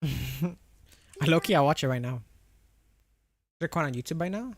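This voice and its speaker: Fairly high-pitched and lively in intonation, a young male streamer talks at normal speed with no room sound. He chats casually and ramblingly with viewers, answering chat with laughs and frequent restarts, and lisps slightly on R and W.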